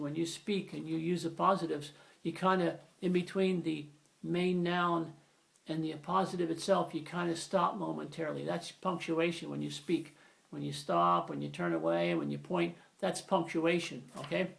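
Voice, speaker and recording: A man's voice: a little high, steady tone, moderate pace, vocal fry, fairly bright tone. A man giving an informal, rambling grammar lesson, often correcting himself as he explains. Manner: rambling, self-correcting, conversational. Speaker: grammar teacher.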